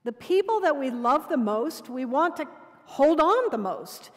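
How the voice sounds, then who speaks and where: A woman dean preaching a sermon in measured storytelling, sometimes dropping to quiet intimacy. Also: sits high, sing-song. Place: cathedral. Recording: long cathedral reverb.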